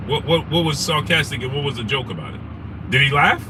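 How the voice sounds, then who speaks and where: A man's voice: medium pitch, fast talker. Ranting man in a noisy car. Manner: animated, ranting, repeats rhetorical questions. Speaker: sports talk show host. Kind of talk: casual live-stream commentary, reading chat names.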